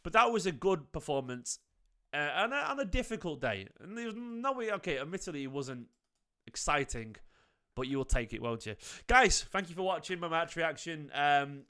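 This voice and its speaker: A man's voice: on the high side, big pitch swings, normal speed, bright, forceful tone, clean tone. A man hosting a football fan channel, giving an emphatic post-match reaction and repeating phrases for emphasis.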